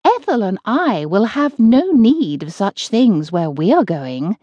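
A woman's voice: mid-range voice, very animated, measured pace, no room sound, lo-fi sound. Lady voicing a cheerful kindly witch, lilting and patient, close dry sound. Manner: gentle, patient and reasonable.

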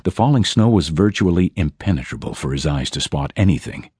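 A man narrating an epic fantasy audiobook in an extremely deep, husky voice that moves widely in pitch as he tells the story. The sound is close and completely dry. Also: sing-song, brisk, a little mellow, no echo.

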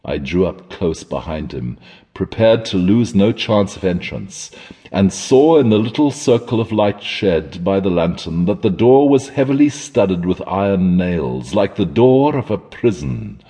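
A man narrating a classic horror story in a measured, dramatic storytelling manner. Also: low-pitched, very animated, mellow, breathy edge, long reverb tail. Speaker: audiobook narrator.

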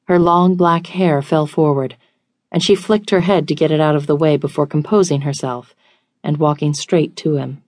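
A woman reading a romance audiobook in an even, measured way. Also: deep voice, no echo, clean studio sound. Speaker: audiobook narrator. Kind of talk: scripted romance narration.

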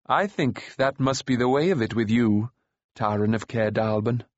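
A weathered warrior prince, read by a man, speaking with quiet, measured authority. The voice is slightly husky and the recording dull and dry. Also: medium pitch, no room sound, natural voice. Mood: calm, wise. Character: tall weathered warrior prince, calm and wise.

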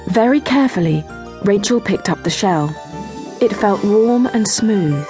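A woman narrating a children's storybook in a gentle, expressive way, slowing down on small details. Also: medium pitch, music in the background. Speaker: audiobook narrator.

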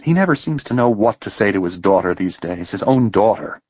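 Deep-voiced male audiobook narrator. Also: expressive, brisk, no echo, dull audio. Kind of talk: scripted narration.

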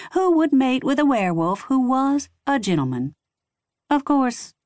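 A woman's voice: on the low side, dry recording, clean studio sound. Wry woman narrating a romance audiobook. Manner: wry, sardonic. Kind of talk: first-person scripted narration. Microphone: close studio mic.

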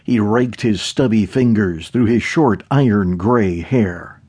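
A man narrating an audiobook in a steady, measured way. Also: fairly low pitch, slightly rough. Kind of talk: scripted narration.

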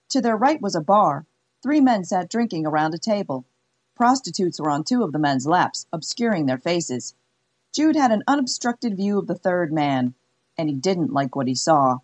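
A woman narrating an audiobook in a measured, wry way. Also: fairly low pitch, a little mellow. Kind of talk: scripted narration.

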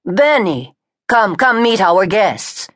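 A woman voicing a booming Italian father. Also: sing-song, a bit bright, no echo, clean studio sound. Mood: plain. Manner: booming, slow.

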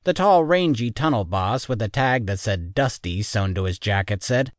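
Lively, dry-sounding male audiobook narrator. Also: fairly low pitch, moderate pace, few pauses, no echo. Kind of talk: first-person audiobook narration.

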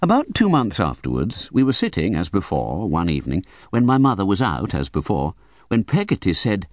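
A man's voice: low-pitched, wildly swooping pitch, normal speed, no room sound. A man narrating a classic novel as an audiobook with vivid, theatrical storytelling. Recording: dry close studio recording.

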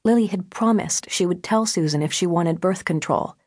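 A woman narrating an audiobook in a measured, intimate way, recorded on a close studio microphone. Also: on the low side, darkish tone, no echo.

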